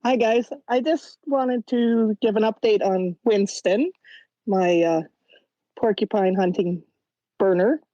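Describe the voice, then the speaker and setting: A woman's voice: medium pitch, takes it slowly, warm tone, no echo. Laid-back woman caller, dull lo-fi sound. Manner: plain, laid-back, brief answers. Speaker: caller sharing pet news. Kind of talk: casual call-in chat. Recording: dull lo-fi call audio.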